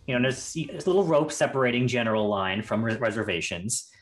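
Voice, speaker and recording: Man, game master, chatty loose narration, mid pitch, faint carnival music. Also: a little fast. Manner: loose, chatty, full of fillers and restarts.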